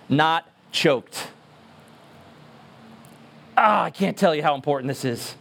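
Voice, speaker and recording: High-voiced emphatic male preacher. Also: fairly bright tone. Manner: emphatic, repeats words for stress. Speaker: pastor. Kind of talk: sermon.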